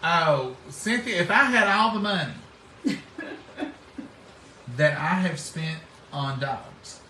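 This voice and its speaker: A middle-aged man spins homespun stories in casual conversation, folksy in manner and acting out what people said. His voice is a little high, animated and bright, with a forceful tone and a slow pace. The recording sounds roomy and distant-miked, with slight background noise.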